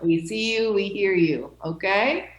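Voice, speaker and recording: A woman teacher at a middling pitch, gently reassuring her students and often checking that they follow along. Her voice carries a roomy echo, as if recorded across a classroom. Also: unhurried. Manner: reassuring, checks in with "okay?" and "right?". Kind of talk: classroom talk.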